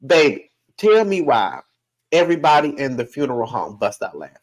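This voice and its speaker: A man, a podcast guest, telling a family story in a casual, animated way, laughing often and acting out other people's voices. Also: mid-range voice, moderate pace, low-quality recording.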